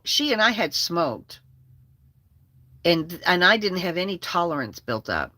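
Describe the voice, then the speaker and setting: A woman's voice: mid-range voice, sharp tone, dry recording. A woman casually telling a personal story, blunt and profane and candid.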